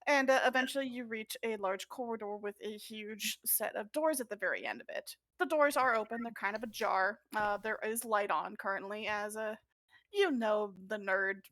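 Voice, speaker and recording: Brief: bright, dry-sounding woman narrating a tabletop game, relaxed and giggly. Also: mid-range voice, normal speed, no room sound. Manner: giggly, easygoing, descriptive. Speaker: game master.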